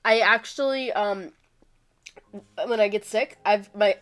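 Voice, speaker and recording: A woman streaming a video game, chatting casually in a hoarse voice from a cold, rambling with many fillers and restarts. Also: mid-range voice, slow pace, fairly bright tone. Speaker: gaming streamer. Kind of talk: casual livestream chat. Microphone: streaming microphone.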